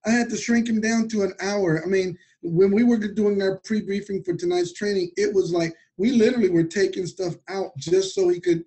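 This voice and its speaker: A man's voice: high-pitched, normal speed, few pauses, dark tone, low-quality recording. A man hosting a conference call, introducing a speaker effusively. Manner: effusive, enthusiastic. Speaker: call host.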